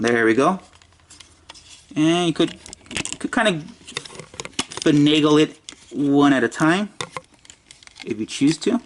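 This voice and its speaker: A man's voice: mid-range voice, a little hiss or hum. A man giving a casual toy review, muttering and joking to himself as he handles the figure.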